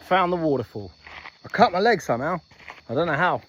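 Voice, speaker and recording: A man's voice: on the high side, expressive, brisk, a bit bright. A man chatting casually as a travel vlogger while riding a moped outdoors, rambling and joking about himself, sometimes drifting into a put-on accent. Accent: put-on Australian-style accent at times. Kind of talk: casual vlog chat. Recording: noisy outdoor camera audio. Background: engine and jungle noise.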